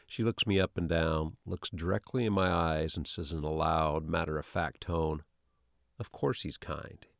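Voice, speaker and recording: Deep gravelly male story narrator. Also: steady tone, moderate pace, hardly any pauses, no echo, studio quality. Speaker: channel narrator. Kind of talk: scripted narration of online stories.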